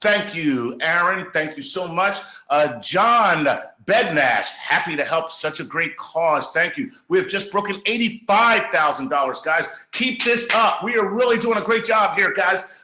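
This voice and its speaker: A man's voice: sits high, expressive, normal speed, hardly any pauses, bright, forceful tone, reverberant. A man hosting a live charity gala stream, reading out donations and cheering viewers on. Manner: upbeat, reads donor messages, cheers on viewers.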